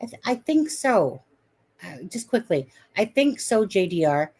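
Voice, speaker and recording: A woman's voice: mid-range voice, sing-song, measured pace, a little mellow. A woman on a live stream giving blunt, indignant commentary, swearing freely as she picks apart a case. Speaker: guest commentator.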